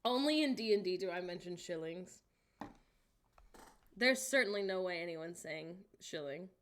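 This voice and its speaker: A woman's voice: lowish voice, lively intonation, normal speed, fairly bright tone. A young American woman hosting a casual live stream, reading chat aloud, joking and laughing often, with incredulous outbursts. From United States. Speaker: livestream host.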